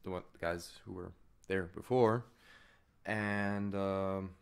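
A man co-hosting a casual podcast, talking haltingly and often restarting words as he recaps. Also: deep voice, steady tone, vocal fry, a crowd in the background. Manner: halting, stumbles over words, many restarts. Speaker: podcast co-host. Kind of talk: casual chat.

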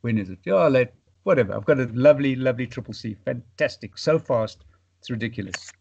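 A man from South Africa, a paragliding pilot and podcast guest, chatting casually and trailing off into quiet fragments. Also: mid-range voice, expressive, a little fast, gravelly, breathy edge, dull audio.

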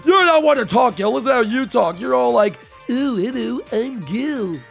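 Kid Koopa prince, bratty and loud, voiced by a man; high lively voice over faint music. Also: normal speed, gravelly, exaggerated voice. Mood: excited. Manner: loud, whiny, shouts a lot. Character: bratty young male Koopa prince, excitable. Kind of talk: Minecraft role-play.

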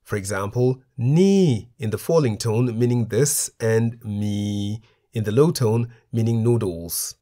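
Man, middle voice, scripted lesson narrator, measured and deliberate. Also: mid-range voice. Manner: slow and even, spelling out foreign words deliberately. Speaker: language teacher.

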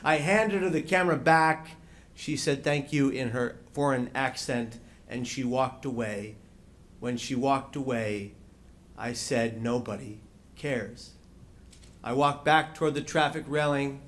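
A man speaking on a panel, recounting a personal story in a measured, dramatic way with slow pauses. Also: medium pitch, fairly bright tone, a little hiss or hum. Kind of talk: personal story told to an audience. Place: conference room.

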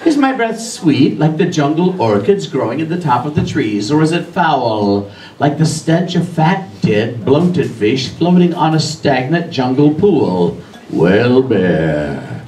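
A man voicing a menacing, hungry male lion king who speaks slowly and gloats with chuckles. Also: mid-range voice, big pitch swings, dark tone, slight background noise. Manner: slow, drawn-out, gloating with chuckles. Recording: roomy echo, distant mic, faint ambience.

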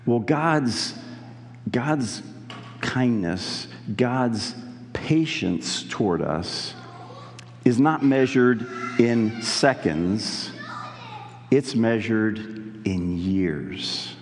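A male pastor preaching a sermon in an earnest, conversational way, pausing to weigh key words. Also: lowish voice, expressive, in a large hall, slight background noise.

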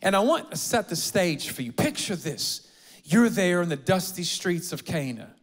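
A man preaching a lively, humorous sermon as pastor in a church auditorium, rallying the congregation. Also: high-pitched, normal speed. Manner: energetic, humorous, rallies the congregation.

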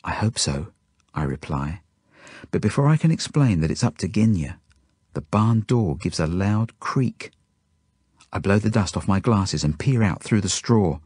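A man with a lowish, slightly husky voice reads a children's story in the first person, his pitch rising and falling with feeling. He drops to hushed tones at the tense moments. The recording is dry and close, with no room sound. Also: moderate pace, dry recording. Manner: expressive, dropping to hushed tones. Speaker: audiobook reader.

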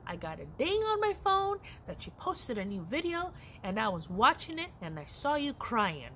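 A woman's voice: fairly high pitch, sing-song, moderate pace, a bit bright. Woman voicing a blunt grown son, bossy, teasing, noisy background. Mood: scolding. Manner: bossy, tough-love scolding.

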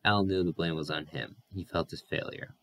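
A man's voice: deep voice, moderate pace, fairly bright tone. A man reading a novel aloud as an audiobook narrator, often stumbling and correcting his words.

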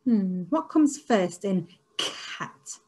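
A woman teacher leading an online phonics lesson for young children, sounding out letters slowly and praising with excitement. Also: mid-range voice. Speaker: early years teacher.

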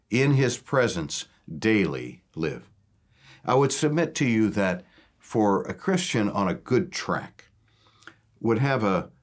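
Earnest, low-voiced man giving a devotional. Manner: earnest, measured, drawn-out emphasis on key words. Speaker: ministry leader presenting a devotional series. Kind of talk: devotional teaching.

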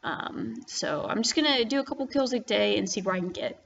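A woman's voice: medium pitch, lively intonation, brisk, creaky, hardly any pauses, a bit bright. A woman giving casual commentary over her own gameplay, chatty and full of fillers and restarts. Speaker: gaming vlogger. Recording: slightly dull audio with faint noise.

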